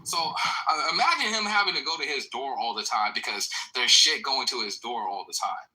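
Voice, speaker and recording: A man's voice: mid-range voice, lively intonation, moderate pace, bright, forceful tone, poor audio. A man in a heated audio chat room, taunting and cursing aggressively. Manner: aggressive, taunting, heavy profanity.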